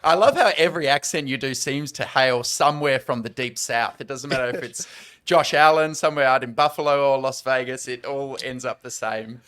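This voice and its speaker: A man's voice: mid-range voice, fairly quick, a bit bright, clean tone. Chatty Australian man breaking down football. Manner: chatty, analytical. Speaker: podcast host. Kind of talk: casual podcast analysis.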